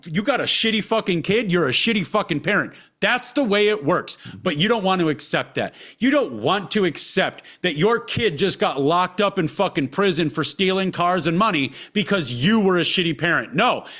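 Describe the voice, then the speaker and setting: A man's voice: high voice, expressive, normal speed, few pauses, fairly bright tone. A man co-hosting a podcast, ranting heatedly and profanely with lots of repetition. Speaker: podcast co-host.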